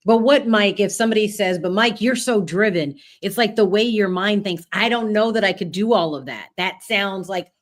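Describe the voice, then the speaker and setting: A woman interviewer, middle-pitched, asks her guest questions in an inquisitive way. She puts listeners' doubts to him in plain terms. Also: moderate pace, hardly any pauses.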